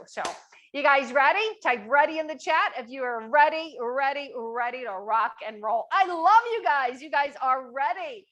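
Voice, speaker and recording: A woman's voice: on the high side, fairly bright tone. A middle-aged woman hosting a live online cooking demo, upbeat and chatty, asking viewers to type answers in the chat. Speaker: cooking class host.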